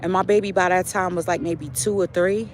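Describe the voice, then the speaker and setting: A woman's voice: fairly low pitch, steady tone, brisk, slight background noise. A young adult woman, a spiritual vlogger, telling a story in a casual monologue with lots of fillers and preachy asides while out on a walk.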